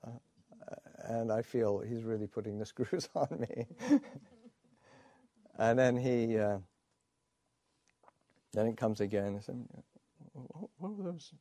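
A Buddhist monk, a man, telling a teaching story in a halting way, full of fillers and restarts, with soft chuckles. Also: lowish voice, dry recording. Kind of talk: storytelling dharma talk.

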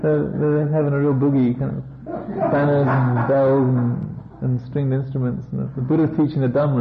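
A man's voice: medium pitch, little pitch movement, moderate pace, creaky, noisy background. Man reading scripture with wry asides. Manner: wry and amused, breaking off for jokes. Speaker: Buddhist teacher. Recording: echoey, slightly dull room recording.

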